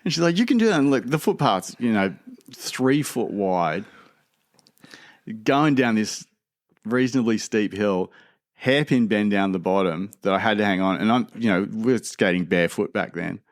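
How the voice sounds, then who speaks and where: A man in his fifties with an Australian accent, telling lively stories as a podcast guest with many restarts. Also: fairly low pitch, measured pace, no echo, studio quality. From Sydney, Australia. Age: 50s. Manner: animated, full of restarts and laughter. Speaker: podcast guest, skater and skatepark designer. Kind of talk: casual storytelling.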